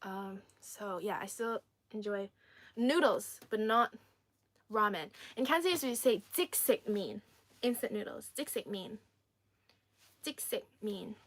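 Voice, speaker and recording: A woman's voice: medium pitch, takes it slowly, a bit bright. A young woman from China hosting a casual livestream, chatty and playful, laughing often and repeating herself as she reads comments. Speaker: livestream host.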